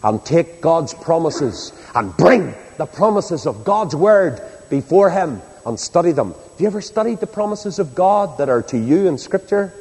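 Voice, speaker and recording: A preacher with a high, ringing voice delivers an impassioned sermon to a large congregation. He surges into loud exhortation, then drops to a hushed appeal. His words trail off into the long reverb of a big hall. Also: slightly rough.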